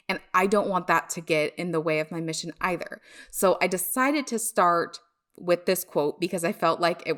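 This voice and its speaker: A woman hosting a solo podcast, talking in a candid, chatty way and laughing at herself now and then. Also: fairly low pitch. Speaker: podcast host.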